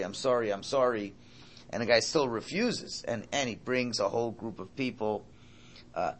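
A man's voice: on the low side, a bit bright, slight background noise. Emphatic man teaching a Torah class. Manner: repeats and restarts phrases, emphatic.

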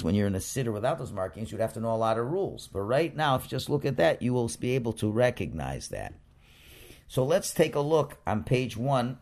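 A man teaching a reading lesson, explaining rules patiently and sounding out each syllable with care. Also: mid-range voice.

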